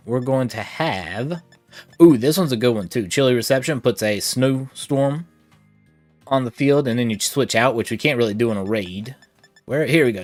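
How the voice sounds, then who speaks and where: Male streamer, conversational and playful, slightly short of breath; dry sound, soft game music behind. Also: medium pitch, no echo. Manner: chatty, reads chat aloud, playful asides. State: a little short of breath from allergies. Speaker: gaming streamer. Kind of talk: casual livestream chat.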